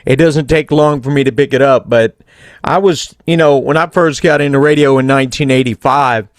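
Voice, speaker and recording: A man in his sixties from Louisiana with a Southern accent, hosting a casual chat. His voice sits at a middle pitch and sounds dry and close. He explains how words are said in a relaxed, patient way. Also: moderate pace, dry recording. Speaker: show host, radio broadcaster.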